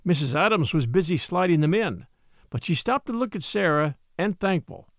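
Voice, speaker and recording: A man reading an old storybook tale aloud, narrating in an expressive, unhurried way. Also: sits high, no room sound, studio quality.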